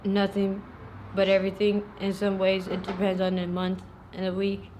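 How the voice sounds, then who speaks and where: A woman's voice: mid-range voice, monotone, moderate pace, darkish tone, a little hiss or hum. A woman giving short, blunt answers in a street interview.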